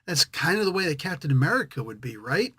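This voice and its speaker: Rambling man reviewing comics, slightly high voice. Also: big pitch swings, fast talker, bright, forceful tone, slightly rough, no echo, clean studio sound. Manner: rambling, self-correcting, thinking aloud. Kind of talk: casual review monologue.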